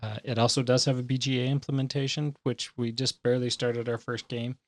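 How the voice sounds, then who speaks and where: A man's voice: medium pitch, level tone, a little fast, no room sound. A man co-hosting a casual board game podcast, bantering in a jokey, playful way. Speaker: podcast co-host. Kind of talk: casual chat about board games.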